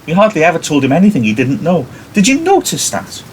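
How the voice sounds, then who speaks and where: A man reading the part of a blustering, pompous middle-aged businessman father, indignant and quick to blame others. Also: a little high, wildly swooping pitch, a little hiss or hum, pitched above the performer's own voice. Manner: bluff, indignant, blaming.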